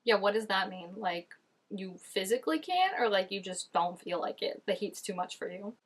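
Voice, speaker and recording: A woman's voice: mid-range voice, expressive, moderate pace. A woman hosting a reaction video, talking casually as she reacts to scenes and filling her speech with "like". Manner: chatty, frequent "like", reacting to scenes.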